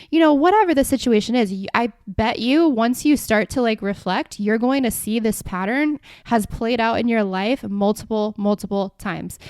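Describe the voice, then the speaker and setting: A young woman hosting a solo podcast, talking casually with lots of "like" fillers and quick restarts. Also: medium pitch, no echo, studio quality. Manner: chatty, heavy use of "like" and restarts. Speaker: podcast host.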